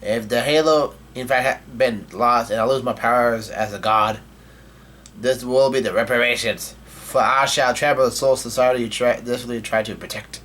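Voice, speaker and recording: Guy reading an angry hurt god warrior, low quiet voice, mid pitch. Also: steady tone, moderate pace, lightly acted. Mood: vengeful. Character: enraged wounded male god-like warrior.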